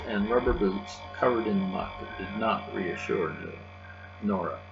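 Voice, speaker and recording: A man reading a children's novel aloud in a steady, gentle narration. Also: on the low side, measured pace, vocal fry. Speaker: audiobook narrator. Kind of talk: children's book read aloud. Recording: dull lo-fi with faint music and hum.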